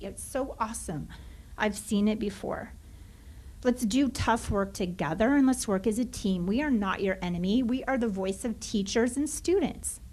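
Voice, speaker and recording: A woman's voice: medium pitch, darkish tone. A woman, a teacher, giving an impassioned, frustrated public comment at a school board meeting into a podium microphone. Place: meeting chamber.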